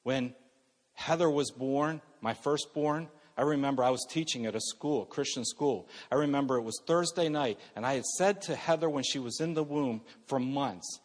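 A middle-aged male pastor preaching a sermon earnestly, moving between loud emphasis and soft, hushed passages. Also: medium pitch, normal speed, long reverb tail.

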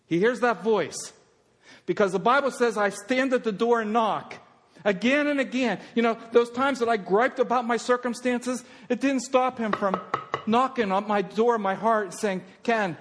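A male pastor preaching a sermon, swinging from loud fervent passages to hushed, intimate ones. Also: high-pitched, long reverb tail.

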